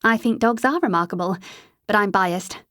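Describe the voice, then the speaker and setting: A woman's voice: medium pitch, normal speed, sharp tone, no echo, clean studio sound, close to an everyday voice. A woman reading a friendly modern young woman explaining things.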